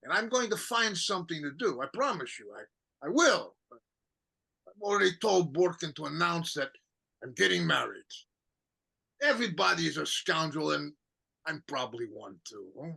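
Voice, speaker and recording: A bitter old count with a gravelly, bright edge to his voice, read by an actor. He talks slowly and swings his pitch widely, laughing at himself between his tears, in a stage-play reading. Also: sing-song, full character voice. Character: bitter, mocking aging male count.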